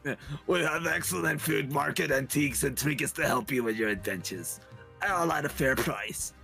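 A man voicing a chatty female shopkeeper at a night market, giving a breezy sales pitch. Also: moderate pace, creaky, pushed and bright, faint music behind. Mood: welcoming. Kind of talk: voicing game characters live.

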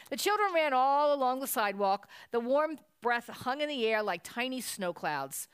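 A woman reading a children's Christmas story aloud at a church service, telling it with lively expression. Her voice sits fairly high and sounds smooth and clear. The recording is close and dry. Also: normal speed, hardly any pauses, no room sound.

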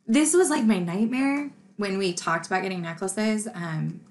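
Woman vlogger, gravelly voice, chatty and emotional, laughs through sad stuff. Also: mid-range voice, a little slow. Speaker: true crime YouTuber. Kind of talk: personal vlog talk to camera.

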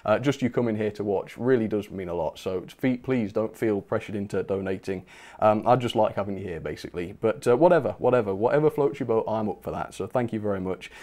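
A man's voice: fairly low pitch, brisk, darkish tone. A man hosting a live stream, chatting casually and reading out viewer messages with bursts of enthusiasm. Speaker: channel host.

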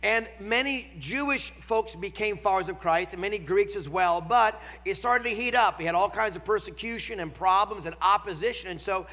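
A man with a nasal voice and a Northern American accent, preaching a sermon with emphasis, slowing down for key phrases. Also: high-pitched, sharp tone. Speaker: guest preacher. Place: large church auditorium. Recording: long hall reverb.

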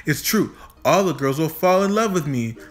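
A man's voice: on the high side, lively intonation, moderate pace, natural voice. A man reading a storybook aloud, voicing a fussy old man who frets and talks to himself. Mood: fretful. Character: fussy old man, fond of his hat.

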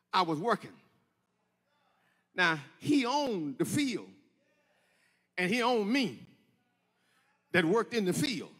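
A male pastor preaching a sermon, telling stories and rising into shouted, sing-song peaks. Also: sits high. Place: church sanctuary. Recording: echoey church hall.

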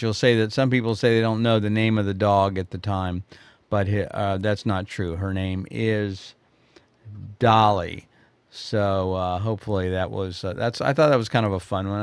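Man, photography teacher, live quiz stream, rambling chatty delivery, smooth clear voice, dry room. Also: lowish voice, steady tone, moderate pace, no echo. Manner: rambling, many fillers and restarts; chatty, addresses viewers directly.

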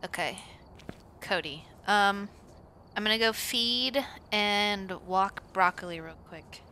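A woman streams a game and chats casually with friends, playful and quick to laugh. Her voice is bright and clear, at an ordinary pitch. Faint background noise sits under her voice. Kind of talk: casual chat while gaming.

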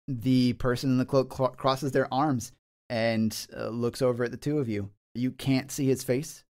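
A man's voice: mid-range voice, steady tone, normal speed, darkish tone. Man narrating as game master. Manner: descriptive, hesitant with fillers.

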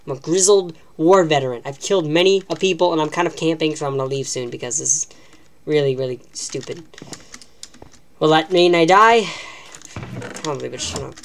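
A woman's voice: low voice, brisk, vocal fry, long pauses. A woman giving live, self-mocking commentary while playing a video game, talking to herself as she plays. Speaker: gaming channel host.

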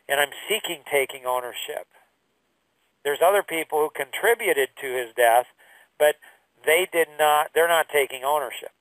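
A man's voice: on the high side, a bit bright, no room sound, distant mic, poor audio. A man in his fifties, a grandfather, teaching a course by telling a painful personal story in an earnest, emotional way with many fillers.

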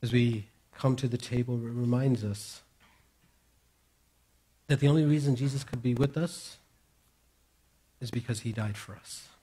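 A man preaching a sermon as pastor, moving between raised, emphatic declarations and hushed, near-whispered reassurances. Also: mid-range voice, a little slow, pauses often, slightly rough.

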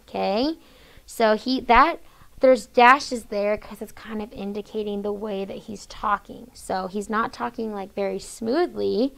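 A woman teaching sixth grade in a classroom, reading a story aloud, explaining it and hushing students between lines. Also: mid-range voice, fairly even intonation, measured pace, vocal fry. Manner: reads quoted lines with changed voices, hushes students often.

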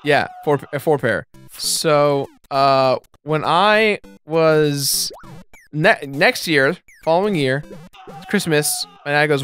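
Faint game music sits under this let's play co-host, a man in his twenties with a fairly high, slightly bright voice. He speaks slowly but animatedly, rambling through an anecdote, tossing in casual commentary, and laughing at his own punchlines.

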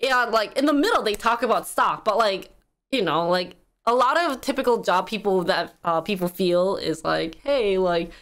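A woman's voice: mid-range voice, lively intonation, normal speed, fairly bright tone. A woman hosting a music video reaction, chatting casually with lots of energy, giggles and fillers.

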